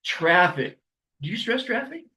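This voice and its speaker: High-voiced man giving life advice. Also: sing-song, unhurried, sharp tone, low-quality recording. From Los Angeles, USA. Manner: rambling, emphatic, chuckling asides. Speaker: podcast host. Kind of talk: motivational monologue.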